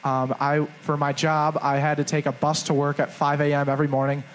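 A young man co-hosts a live show and tells a story in a rambling, self-mocking way. His voice sits a little high, and faint noise hangs under the recording. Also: monotone, a little fast, poor audio. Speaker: podcast co-host. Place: live stage before a crowd.

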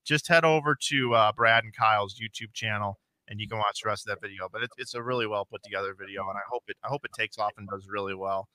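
A man's voice: on the low side, fast, few pauses, bright, forceful tone, no room sound. A man in his forties chatting casually as a podcast co-host, telling rambling self-deprecating stories with many restarts. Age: 40s. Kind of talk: casual chat.

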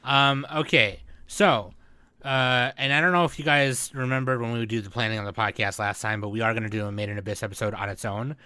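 A man hosting an anime podcast, teasing his co-hosts and laughing often in relaxed banter. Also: mid-range voice, brisk, clean tone, dry recording. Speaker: podcast host.

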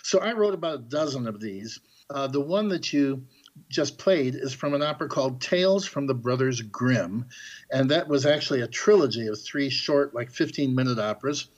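Casting: middle-aged composer guest, lively storyteller, mid-pitched male voice. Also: normal speed, highs cut off. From Chicago area, US. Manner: animated storyteller, acts out quoted characters. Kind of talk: podcast interview, storytelling.

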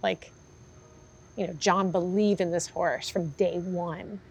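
A woman's voice: on the low side, fairly even intonation, slow pace, a little mellow, slightly rough. A woman horse trainer being interviewed, telling her story candidly and acting out what people said. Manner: candid storytelling, acts out quotes. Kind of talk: conversational interview.

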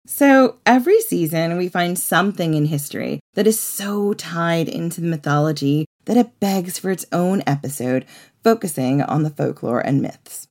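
Gravelly low-voiced woman podcaster chatting fast and excited. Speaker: podcast co-host. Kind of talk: casual podcast chat.

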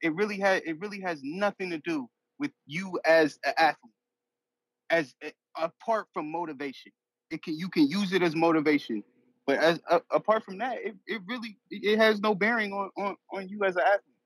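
A man co-hosting a boxing podcast, giving his opinion in a halting way, often repeating words. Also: high-pitched, a bit bright, no room sound, poor audio. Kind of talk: casual opinion talk.

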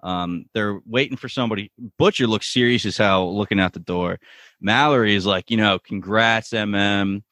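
A man's voice: fairly low pitch, fairly quick, no echo. A man co-hosting a podcast, casually retelling TV scenes and acting out quotes. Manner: animated storyteller, retells scenes with quoted voices. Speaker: podcast co-host. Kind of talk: casual TV recap chat.

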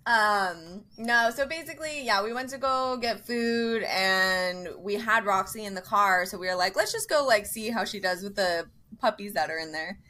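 A woman's voice: mid-range voice, moderate pace, few pauses, sharp tone. A woman co-hosting a podcast, chatting casually and bubbly, laughing often. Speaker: podcast co-host. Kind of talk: casual chat.

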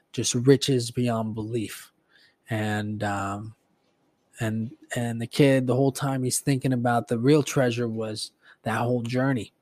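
Man, podcast host, casual rambling retelling, swears a lot, mid pitch, dry close sound. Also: a little mellow, no echo. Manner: profane, rambling storytelling with filler words.

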